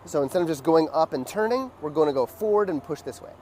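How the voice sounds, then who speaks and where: A man teaching a dance lesson in a loose, casual way, with many fillers and beat sounds like "boom.". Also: expressive, fast, a little mellow, slight background noise.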